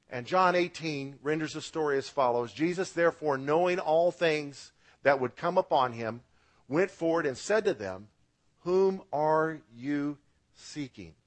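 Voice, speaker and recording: A man preaching a radio sermon as pastor, with emphatic rises and drops, asking the congregation to repeat words after him. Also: a little high.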